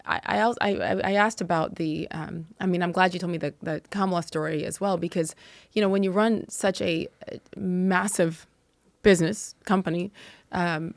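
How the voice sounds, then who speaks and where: A woman's voice: fairly low pitch, fairly even intonation, creaky, dry recording. A middle-aged woman hosting an interview show, speaking earnestly and reflectively in a casual conversation. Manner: earnest, reflective, quick to agree. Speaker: podcast host.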